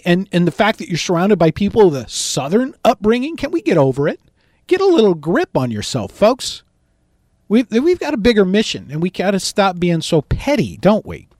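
A middle-aged man preaching, telling a story in an animated way and shouting out the quoted lines. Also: sits high, no echo, studio quality. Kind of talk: storytelling sermon.

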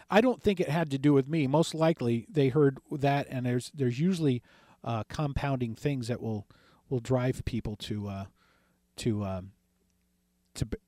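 A man's voice: medium pitch, a little mellow, no room sound, studio quality. A male radio call-in host telling a long story in a rambling way, acting out past conversations and often correcting himself. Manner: retells conversations, frequent self-corrections.

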